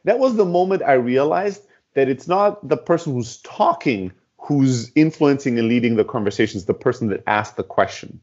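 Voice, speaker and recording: A man who runs a startup, telling stories in a podcast interview in an animated way, swearing freely and acting out dialogue. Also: medium pitch, normal speed, few pauses, dull audio. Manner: animated, profane, acts out dialogue. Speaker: guest, startup CEO.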